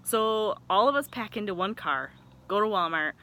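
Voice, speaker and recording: A woman in her thirties from Michigan, telling a story in a casual vlog with chatty, excitable rambling and frequent self-corrections. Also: mid-range voice, moderate pace. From Michigan, USA. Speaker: vlogger.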